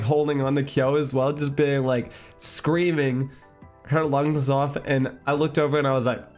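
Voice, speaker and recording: A man streamer tells a story in casual chat, speaking in an ordinary mid-range voice. He sounds easygoing and a little apologetic, laughing now and then, with soft music playing faintly behind him. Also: medium pitch.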